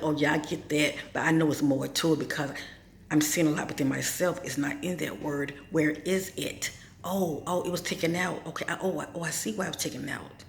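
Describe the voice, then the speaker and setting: A woman's voice: deep voice, vocal fry, slight background noise. A woman hosting her own channel and giving an informal spiritual talk, asking rhetorical questions and checking in with "okay?" as she goes. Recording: echoey room.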